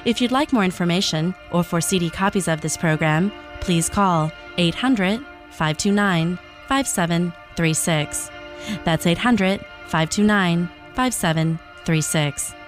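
Woman, radio host, scripted announcing, measured and precise, somewhat low voice, faint music behind.

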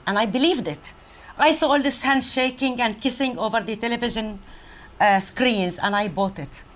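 An older woman from Palestine giving a public speech, conversational and animated, with pauses and fillers. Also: a little high. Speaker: guest speaker, professor.

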